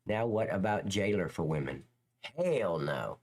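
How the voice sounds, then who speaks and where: A middle-aged man, a former police officer, ranting bluntly and crudely as he chats with viewers on a livestream, his pitch swinging up and down. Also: expressive, a little slow, darkish tone. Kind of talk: casual livestream chat reacting to viewers.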